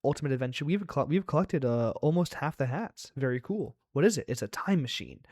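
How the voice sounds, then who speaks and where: A man playing a game aloud, reading it out with playful chatter, gasps and quick reactions. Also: mid-range voice, expressive, darkish tone, no room sound, clean studio sound. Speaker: let's play host.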